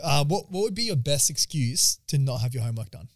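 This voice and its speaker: Young man, slightly high voice. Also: lively intonation, a little fast, no room sound, clean studio sound. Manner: joking, laughs often, asks questions. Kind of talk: casual chat.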